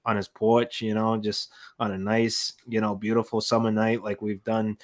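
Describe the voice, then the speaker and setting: A man's voice: fairly low pitch, little pitch movement, moderate pace. Rambling man with many restarts. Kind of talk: casual chat.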